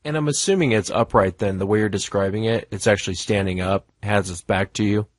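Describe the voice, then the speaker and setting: Low-voiced male host, dry sound. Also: brisk, no echo. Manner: polite, prompting questions. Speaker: show host. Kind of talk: interviewing a caller.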